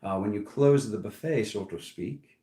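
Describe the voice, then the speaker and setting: A man giving a casual, animated tarot reading, teasing and talking to himself as he turns the cards. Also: lowish voice, normal speed, roomy sound. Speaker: tarot reader.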